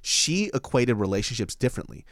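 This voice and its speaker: A man's voice: a little fast, no echo, clean studio sound. A man in his twenties, a podcast host and stand-up comic, telling a profane, laughing story in casual chat. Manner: animated, profane, laughing storyteller who jumps high in pitch for quoted voices.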